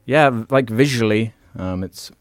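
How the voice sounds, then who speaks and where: A man with a low voice in casual podcast banter, teasing his friends, swearing and laughing a lot. He sounds dry and close to the mic, with faint music behind him. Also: moderate pace, smooth, dry recording. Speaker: podcast host.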